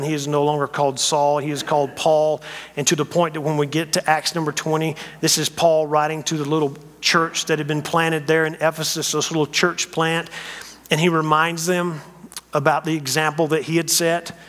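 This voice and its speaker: Animated male guest preacher. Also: a little high, long reverb tail. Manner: animated storytelling, acts out scenes. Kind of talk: sermon. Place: church sanctuary.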